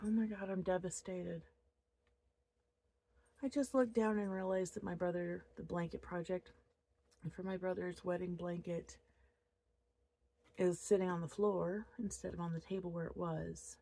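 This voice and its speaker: A woman in her thirties talks casually to her camera from a home office, rambling from one thought to the next. Her voice sits on the low side with a gravelly, creaky texture, and she sounds openly upset. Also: steady tone, measured pace, pauses often, mellow. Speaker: crochet vlogger.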